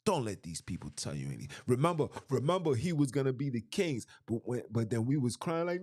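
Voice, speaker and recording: A man preaches through scripture on his podcast. His pitch climbs and drops all the time. He repeats key lines emphatically and keeps throwing questions at his listeners. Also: big pitch swings, brisk, hardly any pauses, darkish tone, slightly rough. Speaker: podcast host. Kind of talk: preaching-style scripture commentary.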